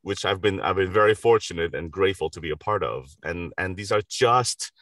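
Deep-voiced, earnest Korean-born man. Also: a bit bright, dry recording, clean studio sound, distant mic. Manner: earnest, enthusiastic, quick to laugh. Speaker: voice actor guest. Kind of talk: casual interview chat. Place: recording studio.

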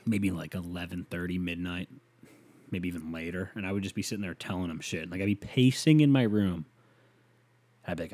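Guy doing a solo podcast, lowish warm voice, rambly and sweary, goes from ranting loud to mumbling. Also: normal speed, pauses often. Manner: rambling and profane, swings from loud rants to muttered asides. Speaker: podcast host. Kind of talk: solo podcast monologue answering listener email.

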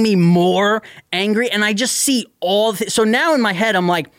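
Profane ranting man, fairly high voice. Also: normal speed, no echo, studio quality. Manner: animated, profane, exasperated ranting. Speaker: podcast host. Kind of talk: casual storytelling chat.

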